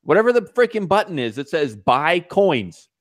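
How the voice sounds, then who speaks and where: Lively, higher-voiced male podcast host. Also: moderate pace, dry recording, clean studio sound. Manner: animated, laughing, mock-exasperated. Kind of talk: casual podcast chat.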